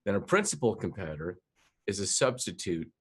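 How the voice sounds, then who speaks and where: Low-voiced man lecturing with many fillers. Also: very animated, fairly quick, fairly bright tone, husky. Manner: hesitant, frequent uh fillers and restarts. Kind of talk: recorded class lecture.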